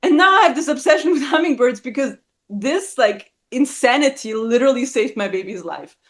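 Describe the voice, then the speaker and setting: A woman in her thirties telling a personal story in casual conversation, blunt and animated, swearing often and acting out the people she quotes. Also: fairly quick. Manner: acts out quoted voices with big pitch jumps. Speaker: guest. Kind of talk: casual chat.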